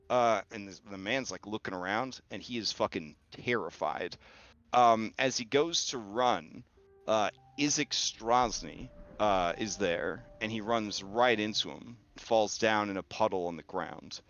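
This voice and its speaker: A man narrating a tabletop game as game master, telling events slowly with many fillers. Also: lowish voice, fairly bright tone. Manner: slow, graphic storytelling with many fillers. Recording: dull lo-fi audio.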